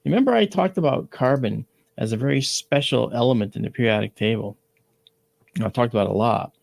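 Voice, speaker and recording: A man with a gravelly edge to his voice talks through a science topic at an easygoing pace. He keeps checking in with his listeners and reaches for everyday analogies. The sound is close and dry. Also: medium pitch, expressive, brisk, no echo. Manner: explains with analogies, frequent "all right?" check-ins. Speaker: astronomy show host. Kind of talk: casual educational talk.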